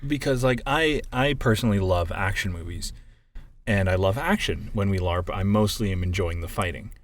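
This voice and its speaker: A man co-hosting a casual podcast chat, animated and swearing freely as he acts out movie scenes. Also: lowish voice, normal speed. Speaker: podcast co-host.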